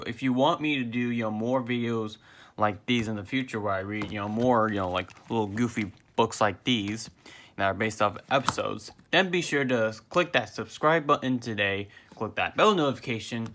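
A man's voice: mid-range voice, fairly bright tone. A young man reviewing a children's book, reading aloud casually with frequent restarts and fillers. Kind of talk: casual read-aloud and chat.

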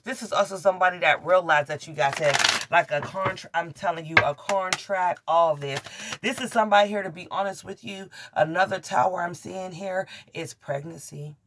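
A woman giving a casual tarot reading to camera, blunt and profane, excitable, often laughing and exclaiming. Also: sits low, heavy background noise. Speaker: tarot reader.

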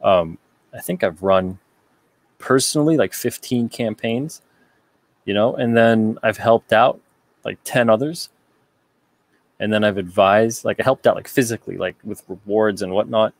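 A man with a low, gravelly voice hosts a casual livestream and reads viewer comments aloud. He answers them in a rambling, joking way, full of self-deprecating asides. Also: measured pace, long pauses, no echo. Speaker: publisher host reading viewer comments.

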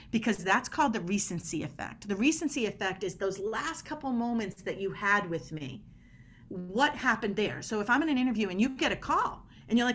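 A woman talks with punchy emphasis and quick energy, acting out short quoted exchanges to drive her points home. Her voice sits at a middle pitch, and a faint hiss runs under it. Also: fairly bright tone. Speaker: body language expert guest. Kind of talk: animated podcast conversation.

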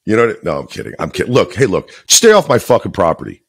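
A man's voice: fairly low pitch, wildly swooping pitch, fast talker, slightly rough. A man, a voice actor co-hosting a podcast, chatting casually, bluntly and jokingly, swearing freely.

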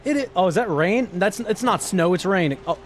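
A young man giving jokey, profane live commentary while playing a horror game, yelping and shouting when startled. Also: sits high, expressive, brisk, a little hiss or hum.

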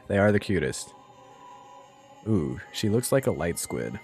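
A man's voice: sits low, very animated, unhurried, creaky, long pauses, a little mellow, slightly rough, soft background music. A man streaming a game live, making chatty, joking asides to his viewers. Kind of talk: casual live gameplay commentary.

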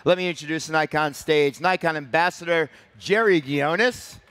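A man's voice: on the high side, fairly even intonation, fairly quick, fairly bright tone, clear, resonant tone. A man moderating a stage panel, giving friendly, somewhat rambling introductions and questions. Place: event stage before a crowd.

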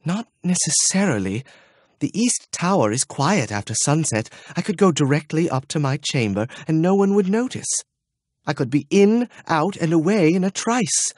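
A shy, wistful young princess, as a male narrator puts her on, soft and a little husky, half-whispering her fears. Her voice sits noticeably higher than the reader's own, in a dry, close audiobook recording. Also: big pitch swings, normal speed, no echo. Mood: earnest.

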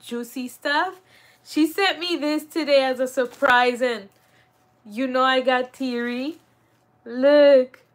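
A woman with a high, bright-sounding voice talks straight to her viewers on a live stream. She is chatty and emotional and laughs often, in an easy, casual way. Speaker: vlog host.

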